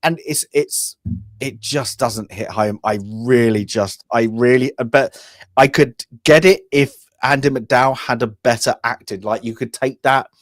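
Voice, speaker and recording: A man's voice: medium pitch, fairly even intonation, measured pace, no echo, clean studio sound. A young man co-hosting a casual film review chat, opinionated and rambling with many restarts. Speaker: podcast co-host.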